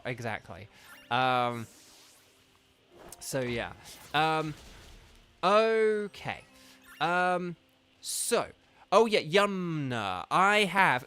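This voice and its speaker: A man with a slightly higher voice chats away on a live stream. He wanders from point to point with lots of fillers and little laughs while answering his viewers. Soft game music hums underneath. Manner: rambling, lots of ums and laughs, answers chat. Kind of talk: casual live-stream chat.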